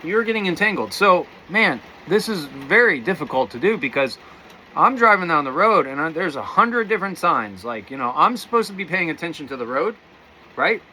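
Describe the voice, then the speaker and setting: A man's voice: a little high, big pitch swings, moderate pace, bright, forceful tone, a little hiss or hum. A man giving a casual spiritual talk to viewers, rambling and calling them guys. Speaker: spiritual teacher.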